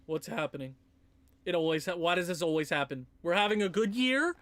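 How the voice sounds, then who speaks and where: A high, lively young man chatting through a sports video game, talking straight to his players and swinging up into shouts. His tone is bright and a little sharp, and the close mic sounds dry with no room around it. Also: brisk, no echo. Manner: excitable, talks to his players, bursts into shouts and laughs. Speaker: gaming YouTuber. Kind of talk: casual gameplay commentary.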